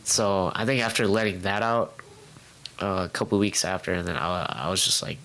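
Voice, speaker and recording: Candid young man, low voice. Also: fairly bright tone, a little hiss or hum, poor audio. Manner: candid, halting, many fillers and restarts; acts out his past self in quoted outbursts. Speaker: guest. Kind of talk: casual interview storytelling. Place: home room.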